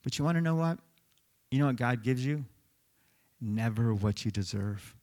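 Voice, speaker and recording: A middle-aged man preaching a sermon, telling stories in an animated, conversational way. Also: mid-range voice, moderate pace. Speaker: pastor.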